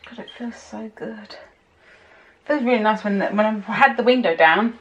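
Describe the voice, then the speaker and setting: A woman vlogging at home in casual chat, excitable and swearing freely. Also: medium pitch, normal speed, dull audio.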